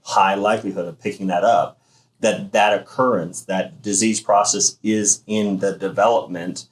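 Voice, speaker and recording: A man's voice: on the low side, steady tone, low-quality recording. A man co-running a thermography clinic, explaining health screening emphatically in a casual discussion. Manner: emphatic, explanatory, fast-flowing.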